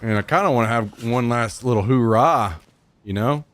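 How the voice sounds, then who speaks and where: A man's voice: medium pitch, normal speed, no room sound. A man from Missouri with a Southern accent, rambling in casual chat while streaming a game. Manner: rambling, drawling, trails off mid-sentence.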